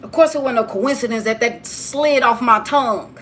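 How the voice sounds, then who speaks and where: A woman's voice: fairly high pitch, moderate pace, a bit bright, slight background noise. A woman giving a preachy straight-talk monologue, lecturing listeners with emphatic repetition.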